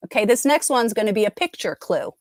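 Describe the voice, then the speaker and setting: A middle-aged woman speaks briskly and very animatedly in a mid-range voice, hosting a live trivia stream with chatty, upbeat talk and plenty of mid-sentence breaks. The sound is studio quality with no echo.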